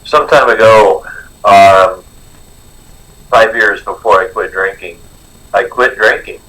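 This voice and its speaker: A man's voice: fairly low pitch, a bit bright, recorded from a distance, rough recording. A man sharing his recovery story at a support meeting, reflective and full of fillers. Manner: slow, reflective, with many fillers. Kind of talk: personal recovery share.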